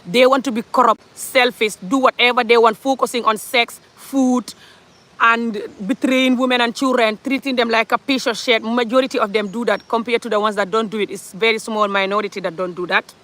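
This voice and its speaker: Woman, commentary vlog, bright tense tone, passionate, rhetorical questions. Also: on the high side, fairly even intonation, a little fast. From Gambia. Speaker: commentary vlogger. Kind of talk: opinionated social commentary monologue.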